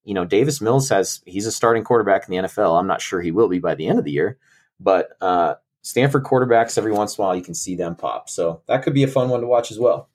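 A man's voice: fairly low pitch, animated, fast, darkish tone. A man co-hosting a sports podcast, chatting casually and enthusiastically about college football. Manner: enthusiastic, chatty, laughs often. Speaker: co-host and college football segment host.

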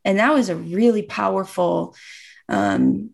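Gravelly-voiced woman telling a personal story. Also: mid-range voice, sing-song, measured pace. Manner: earnest storytelling, acting out remembered dialogue. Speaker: guest. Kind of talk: personal story in a casual chat.

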